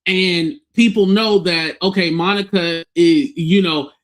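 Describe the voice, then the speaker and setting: A man casually retelling an online drama as a commentary host, animated and often acting out the voices of the people he quotes. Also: high-pitched, a little slow.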